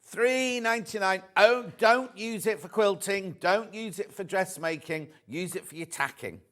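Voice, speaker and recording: A man's voice: high voice, unhurried, fairly bright tone. A middle-aged man presenting live on a shopping channel, chatting and reading out viewer messages.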